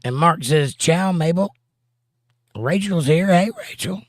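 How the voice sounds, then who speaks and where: A man's voice: fairly high pitch, measured pace, no echo, studio quality. A man hosting a casual livestream, greeting viewers by name and reading their chat messages aloud, with playful rhyming jokes.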